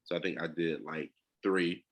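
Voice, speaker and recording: A man's voice: low-pitched, fairly even intonation, normal speed. A man on a video call with his coaches, talking casually in a slangy, laid-back way with lots of fillers and restarts. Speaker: coaching client.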